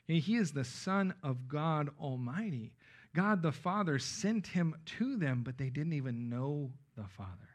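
A male pastor preaching from a passage, his voice sitting high for a man. He talks emphatically and keeps checking in with short tag questions. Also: expressive, a little slow. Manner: emphatic, checks in with frequent "okay?" and "right?". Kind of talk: expository Bible sermon.

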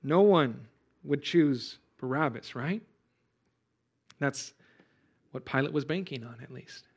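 A man preaching a sermon as pastor, earnest and exhorting, rising to loud emphasis. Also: a little high, slow pace, breathy edge.

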